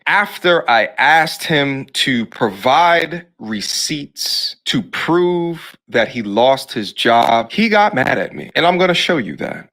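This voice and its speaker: Slow-talking man addressing his viewers. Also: fairly high pitch, pushed and bright. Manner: deliberate, repetitive. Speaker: content creator. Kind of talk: video monologue.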